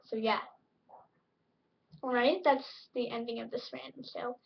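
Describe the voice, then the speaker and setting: Woman vlogging casually, high voice, unhurried, distant muffled recording. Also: steady tone, gravelly. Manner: rambling, chatty, filler-heavy. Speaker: vlog host. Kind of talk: casual home vlog.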